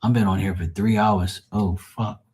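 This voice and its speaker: A man's voice: on the low side, fairly even intonation, normal speed, darkish tone, husky. A man hosting a late-night live tarot stream, telling stories in a rambling, profane way and laughing at them. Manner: laughs often at his own stories. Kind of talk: late-night livestream storytelling.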